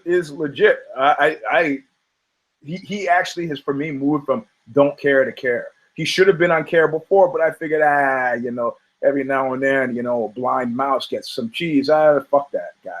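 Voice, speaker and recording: A male podcast host riffs loosely on fight results, wandering into side jokes and cursing freely. He mocks himself as he goes, and his voice sits a bit high for a man. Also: poor audio. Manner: rambling, profane, self-mocking jokes. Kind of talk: casual comedic commentary on combat sports.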